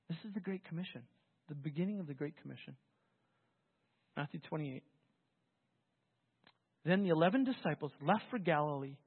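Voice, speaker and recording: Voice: medium pitch, husky. A pastor preaching a sermon in a conversational, storytelling way, often restarting phrases. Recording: phone-like, with long hall reverb.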